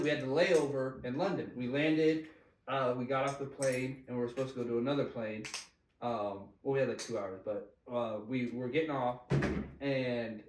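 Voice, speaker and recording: A man's voice: medium pitch, far from the mic, slight background noise. A man casually telling a long story, laughing often and swearing freely in slangy talk. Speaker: podcast guest telling a story. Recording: echoey room, voice a bit off-mic.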